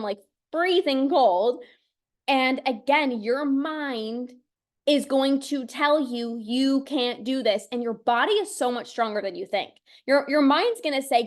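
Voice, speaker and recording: A young woman coaching live on binge eating, talking with energy and acting out inner voices. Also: sits high. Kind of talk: motivational live-stream talk.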